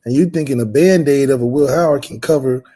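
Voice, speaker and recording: A man's voice: medium pitch, quick pace, dark tone. A man co-hosting a sports podcast in casual chat, earnest and piling up restarts. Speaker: podcast co-host.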